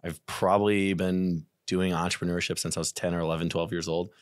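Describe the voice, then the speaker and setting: A man in his thirties from the Midwest with a Midwestern accent, a chatty podcast guest telling his story with animated quoted asides. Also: deep voice, fairly quick, clean tone, dry recording, studio quality. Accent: American Midwest. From St. Louis area, USA. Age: 30s. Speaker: podcast guest, real estate investor. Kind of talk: casual podcast interview.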